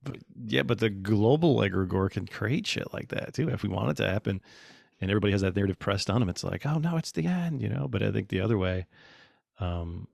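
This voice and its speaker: Casual podcast guest, man, gravelly and low, dry close mic. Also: fast talker, no room sound. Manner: animated storyteller, acts out quotes. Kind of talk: casual chat.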